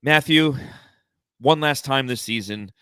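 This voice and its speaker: A man co-hosting a sports podcast in casual chat, ranting bluntly and swearing freely. His voice is bright and forceful, set at a middling pitch. The sound is close and dry, with no room around it. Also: unhurried, clear, resonant tone, no echo. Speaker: podcast co-host.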